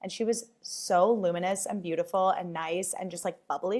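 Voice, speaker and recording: A woman hosting her own podcast, telling stories in a casual, animated way, full of fillers and swearing, and acting out the voices she quotes. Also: on the low side, a little fast. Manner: chatty, filler-heavy, swears freely. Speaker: podcast host. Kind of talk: casual chat.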